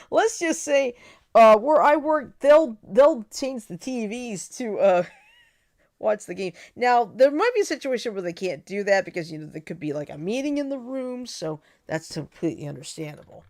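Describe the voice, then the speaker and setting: A woman co-hosting a relaxed chat show, talking with animated energy. Her pitch swoops widely and she laughs between thoughts. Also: a little slow. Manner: animated, laughs often, quotes cartoon lines. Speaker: podcast co-host. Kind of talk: casual chat.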